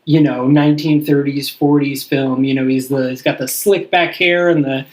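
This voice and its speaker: A man's voice: mid-range voice, fairly even intonation, poor audio. A man co-hosting a podcast, recapping a movie in rambling casual chat full of fillers. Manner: rambling, filler-heavy, acts out quick character lines. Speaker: podcast co-host.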